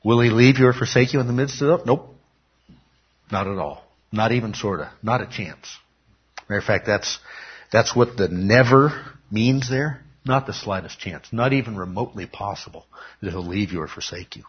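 Husky low-voiced man preaching. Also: normal speed. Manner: emphatic, asks the room questions and answers them. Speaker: pastor teaching a Bible class. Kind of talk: sermon-style Bible teaching. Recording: dull lo-fi recording.

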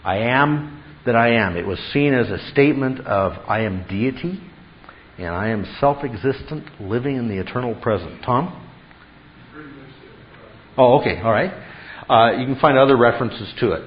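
A man lecturing a Bible class, his voice rising sharply when he presses a point and dropping low when he winds it down. He fires rhetorical questions at the room. The recording is dull and lo-fi. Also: expressive, moderate pace, slight background noise. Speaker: Bible teacher.

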